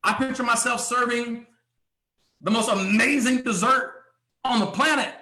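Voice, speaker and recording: A man giving a motivational sales training talk at a live event. He speaks emphatically, asks many rhetorical questions and often clears his throat. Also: very high voice, a little slow, bright, forceful tone, echoey room.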